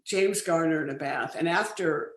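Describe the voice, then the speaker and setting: An older woman, a film producer, chatting as an interview guest, telling lively stories with many restarts. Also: low voice, moderate pace. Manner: lively anecdotal storytelling, frequent laughs and restarts. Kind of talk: casual interview chat. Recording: roomy studio sound.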